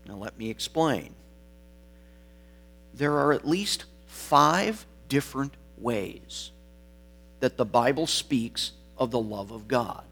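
Male preacher, slow unhurried delivery, mid-pitched, emphatic, soft music underneath. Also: animated. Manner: deliberate, stressing single words; emphatic, drops to quiet phrase endings. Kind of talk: sermon.

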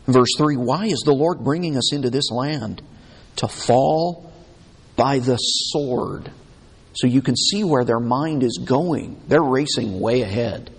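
A male pastor delivers a sermon at an unhurried pace, his voice slightly husky. He talks in a conversational way and voices the complaints of the people he describes. A long reverb trails behind him from the church hall. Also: mid-range voice, a little mellow. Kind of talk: expository sermon.

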